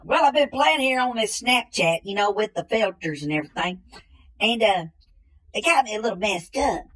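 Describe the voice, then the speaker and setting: A slow-witted, bumbling country man, played by a woman in a comedy sketch. He talks at an even middle pitch and drawls his way through long rambling stories, leaning again and again on the same folksy catchphrase. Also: breathy edge, low-quality recording. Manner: drawling, repeats "ain't no way".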